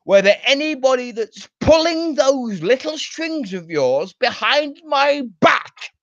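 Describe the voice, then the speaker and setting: A man delivering an angry, profane ranting monologue with drawn-out emphatic delivery. He sounds furious throughout. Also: very high-pitched, very animated, fairly bright tone, no room sound. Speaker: online show personality. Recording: dull lo-fi dry recording.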